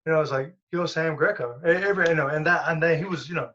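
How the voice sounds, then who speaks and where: A man, a guest and former professional fighter, telling stories in a casual, animated way, laughing and swearing as he goes. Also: on the high side, rapid-fire, muffled recording. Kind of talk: casual storytelling.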